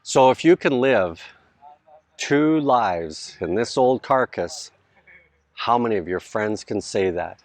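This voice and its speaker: Speaking slowly with lively intonation in a lowish voice, a middle-aged man with a Canadian accent vlogs outdoors at a house build site in the Philippines. He chats casually straight to viewers and laughs a lot, on a dry recording.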